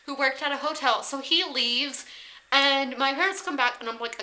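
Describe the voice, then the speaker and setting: A young woman from South Carolina tells a story to a camera on a tripod, rambling along with plenty of "like" fillers. Her voice is bright and sits a little high for a woman, with a casual, chatty vlog delivery. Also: normal speed, slight background noise, rough recording. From South Carolina, USA. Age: 20s. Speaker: vlogger.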